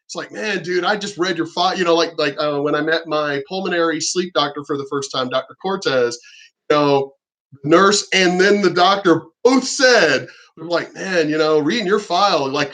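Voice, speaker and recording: Middle-aged male veteran vlogger, fairly high voice, swears freely, rambles. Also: fairly bright tone. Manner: rambling, profane, acts out what others said. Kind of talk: casual monologue to camera.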